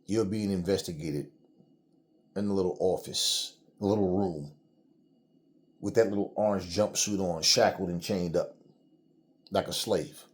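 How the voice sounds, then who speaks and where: A man's voice: deep voice, measured pace, pauses often. Heated, blunt man ranting. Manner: blunt, heated, swears freely. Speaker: channel host. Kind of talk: angry solo commentary.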